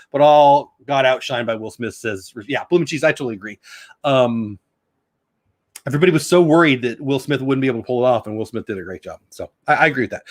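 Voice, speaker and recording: A middle-aged man hosting a casual news chat, reading reports aloud and breaking in with his own asides. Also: mid-range voice. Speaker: show host.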